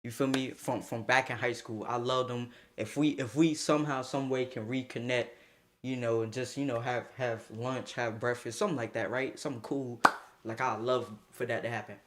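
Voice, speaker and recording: A young man streaming a casual storytime, slangy and animated, laughing as he tells it. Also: medium pitch, moderate pace, a little hiss or hum.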